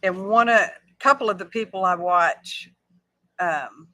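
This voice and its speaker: On a relaxed craft livestream, a woman with a mid-range voice chats with viewers, sounding bright and forward. She speaks in an unhurried, drawn-out way, pokes fun at herself, and narrates every fold and score as she goes.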